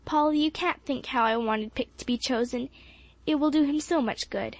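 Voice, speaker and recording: Eager good-humoured boy, voiced by a woman for a storybook; a little high, close and dry. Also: moderate pace, no room sound. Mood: cheerful. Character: eager cheerful boy Jasper.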